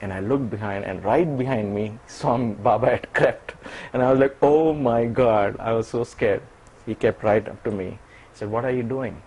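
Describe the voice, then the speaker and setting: A man being interviewed as a guest, telling a personal story in an animated way and often laughing. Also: mid-range voice, moderate pace, husky, poor audio.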